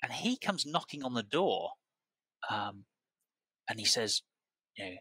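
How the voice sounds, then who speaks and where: A man with a British accent, a truffle grower chatting as a podcast guest, telling stories in a rambling, animated way with frequent restarts and repeated words. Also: mid-range voice, measured pace, slightly rough, dry recording, low-quality recording. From United Kingdom. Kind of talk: casual conversational storytelling.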